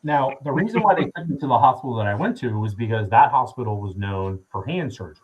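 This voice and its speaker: A man in his thirties with a husky, slightly breathy voice, sitting in as a podcast guest. He tells a long story in a loose, rambling way, full of fillers and casual swearing. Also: medium pitch, lively intonation, fast talker, phone-quality sound. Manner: profane, rambling with many fillers.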